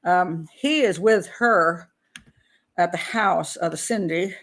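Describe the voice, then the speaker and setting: A woman's voice: lowish voice, takes it slowly, a bit bright. A woman hosting a profiling show, reading a true-crime book aloud and breaking off for chatty asides with restarts, acting out the quoted lines. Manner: chatty asides with restarts between read passages. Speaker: criminal profiler host.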